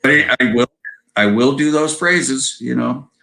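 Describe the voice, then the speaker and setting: With vocal fry and a pushed, bright delivery, this mid-range voice moves at a measured pace over a rough recording. He's a guest musician around seventy from Southern California with an American accent, rambling through a casual video-call interview and tagging sentences with "you know" and "right?".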